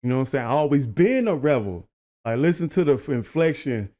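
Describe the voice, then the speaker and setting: A man hosting a reaction video, who breaks down rap lyrics in a casual, animated way and repeats the lines he likes. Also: mid-range voice, brisk.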